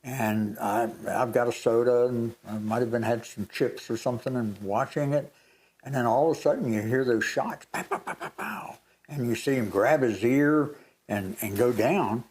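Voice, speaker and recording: An older man and grandfather, co-hosting a faith talk show, telling a story in a lively way. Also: mid-range voice. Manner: animated storytelling, re-enacts moments. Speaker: co-host. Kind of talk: casual chat.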